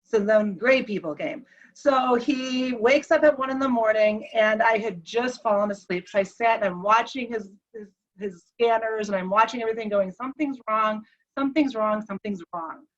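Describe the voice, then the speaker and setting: Woman guest, higher voice, heartfelt storyteller who acts out the dialogue; dull lo-fi audio. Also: moderate pace. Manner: animated retelling that acts out the dialogue. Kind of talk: emotional personal storytelling. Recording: slightly dull lo-fi recording.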